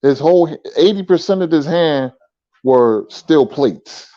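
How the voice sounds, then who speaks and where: Mellow-voiced man telling stories. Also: a little high, lively intonation, unhurried, no echo. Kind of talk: casual conversation. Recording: dull lo-fi sound.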